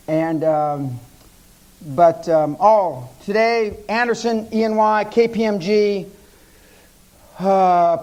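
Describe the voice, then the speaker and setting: A man's voice: high-pitched, darkish tone, poor audio. An American man in his fifties giving a live seminar talk, telling brash stories laced with profanity. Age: 50s. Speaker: seminar speaker.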